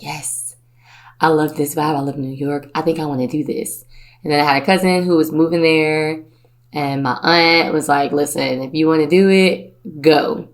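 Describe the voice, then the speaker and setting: A woman from Virginia, hosting a podcast, telling a personal story in a playful, chatty way and putting on the voices of her relatives. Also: low voice. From Virginia, USA. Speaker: podcast host.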